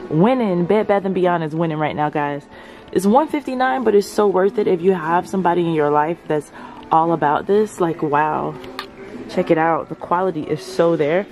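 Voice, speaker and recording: Gushing woman shopping in a store. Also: medium pitch. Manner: gushing, excitable, addresses viewers as y'all. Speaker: vlogger. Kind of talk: shopping vlog narration. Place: large store indoors.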